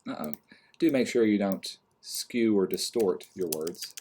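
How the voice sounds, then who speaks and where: A man calmly walking through a screen-recorded design software tutorial step by step, with mouse and keyboard clicks behind him. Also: on the low side, slow pace, slight background noise. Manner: calm step-by-step explaining, trailing off quietly. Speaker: design instructor.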